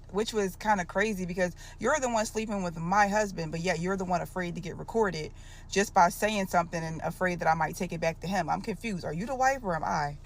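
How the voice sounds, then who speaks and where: Woman storyteller, lively and colloquial, mid-pitched, acts out quotes. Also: fairly quick. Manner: animated, acts out dialogue, colloquial. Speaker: storytime creator. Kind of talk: casual storytelling to camera.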